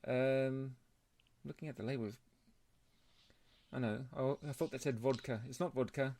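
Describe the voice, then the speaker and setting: A man co-hosting a beer podcast in casual chat, chatty and quick to laugh. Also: medium pitch, fairly even intonation, a little mellow. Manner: chatty, laughs often, puts on joke accents. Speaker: podcast co-host.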